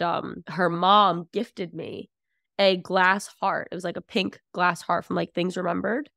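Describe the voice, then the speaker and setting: A young woman talking casually as a podcast guest, outspoken and animated, telling stories with lots of fillers. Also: lowish voice, gravelly, no echo, studio quality. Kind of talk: casual conversation.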